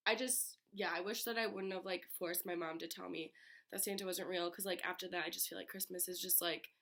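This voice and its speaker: A young woman from Michigan, raspy from being sick, chatting casually on her bedroom floor into a laptop. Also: lowish voice, steady tone, fairly quick, fairly bright tone. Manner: chatty, many filler "like"s. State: getting over being sick. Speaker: vlogger. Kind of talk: casual chat.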